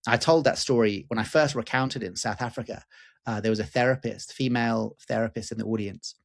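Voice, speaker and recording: A man in his forties, a guest teacher, telling a personal story in an animated, candid way with casual swearing and fillers. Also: medium pitch, brisk, creaky. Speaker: guest, lucid dreaming teacher.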